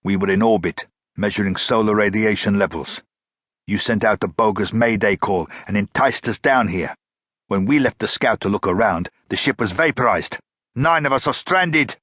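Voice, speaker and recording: A man voicing an authoritative crew leader of about forty, clear and contemptuous. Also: on the low side, moderate pace, no echo, studio quality. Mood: quiet menace. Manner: clear, commanding, quietly menacing.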